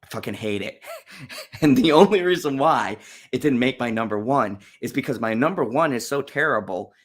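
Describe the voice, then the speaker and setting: A man's voice: mid-range voice, animated, moderate pace. Blunt, profane man ranting about movies. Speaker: channel host reviewing movies. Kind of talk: casual ranting movie review.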